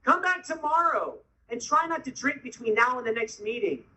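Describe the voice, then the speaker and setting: A man's voice: very high-pitched, lively intonation, moderate pace, pushed and bright, a little hiss or hum, rough recording. A man telling a humorous personal recovery story at a meeting, acting out what others said to him. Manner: humorous, acts out quoted voices.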